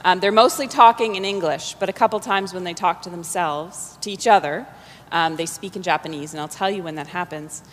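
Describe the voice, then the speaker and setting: A woman reader setting up a story scene in a relaxed, explanatory way. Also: on the low side, fairly quick, slight background noise. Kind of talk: storytelling introduction. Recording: long hall reverb.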